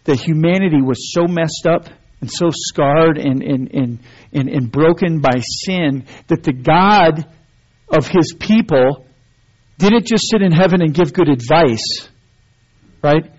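Husky-voiced preacher, conversational. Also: male voice, on the high side, a little slow. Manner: conversational, repetitive restarts, rising to emphatic. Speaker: pastor. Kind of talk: sermon. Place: church sanctuary. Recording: dull lo-fi sermon recording.

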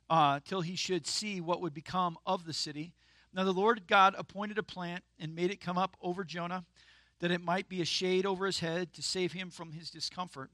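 A man's voice: sits high, bright, forceful tone, no echo. A man preaching a sermon in a casual, conversational way, with emphatic outbursts. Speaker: pastor.

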